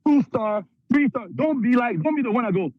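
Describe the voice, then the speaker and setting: A man from Canada giving an energetic motivational talk at a sales training, acting out little skits in put-on voices. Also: extremely high pitch, a little fast, dry recording, narrow, tinny audio.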